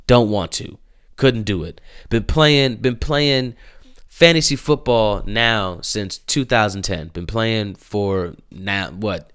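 Guy ranting casual on his show, slang, big pitch swings. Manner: animated, slangy, repetitive exclamations. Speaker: commentary host. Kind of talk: casual opinion commentary.

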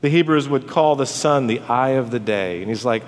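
A man's voice: mid-range voice, animated, fairly quick, few pauses. A man preaching a sermon as pastor, earnest and conversational, with storytelling asides. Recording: long church hall reverb.

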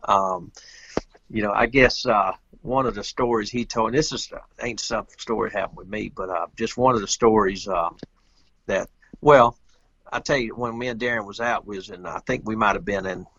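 A man's voice: lowish voice, fairly even intonation, moderate pace, a bit bright, slightly rough, no room sound, dull audio. A man, a guest telling a rambling, folksy story with loose grammar in casual chat. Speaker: interview guest, pool player.

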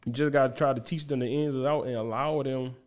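A man's voice: medium pitch, fast. Laid-back man talking shop as a guest. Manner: relaxed, repeats words when starting sentences. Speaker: guest basketball coach. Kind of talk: casual podcast chat.

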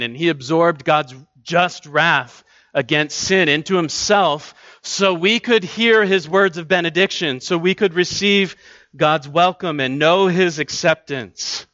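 Male pastor, earnest conversational sermon, bright tone, dull dry recording. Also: fairly high pitch, a little slow, no echo. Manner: earnest, conversational preaching with repeated restarts. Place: church.

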